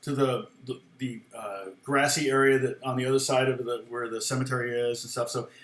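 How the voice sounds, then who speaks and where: A middle-aged man tells a story in a loose, rambling way, chuckling often and restarting his sentences. His voice sits at an ordinary middle pitch. The room around him is echoey. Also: flat delivery, a little fast, a bit bright. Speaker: guitar teacher on a live stream. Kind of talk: casual storytelling chat.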